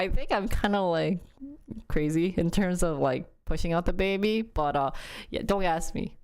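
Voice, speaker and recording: Slow-talking woman chatting on stream. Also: lowish voice. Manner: chatty, laughs often, searches for words. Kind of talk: casual live-stream chat.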